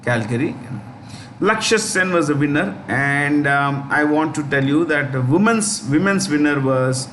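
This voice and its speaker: Indian English male tutor, somewhat high, echoey room, faint hum, patient repetition. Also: expressive, a bit bright. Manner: repeats key names slowly, with fillers. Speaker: exam coaching teacher. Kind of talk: current affairs lesson.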